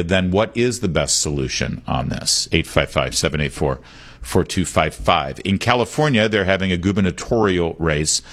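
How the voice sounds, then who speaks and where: Deep-voiced opinionated talk radio host. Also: male voice. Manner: opinionated, emphatic, repeats the call-in number. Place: radio studio. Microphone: studio microphone.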